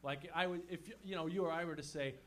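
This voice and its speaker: A man's voice: on the high side, quick pace, a bit bright, slight background noise. Profane, chatty man doing stand-up. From Montreal, Canada. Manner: loose, profane, chatty, quizzes the crowd. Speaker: stand-up comedian. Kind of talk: stand-up set with crowd work. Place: comedy show in a small venue.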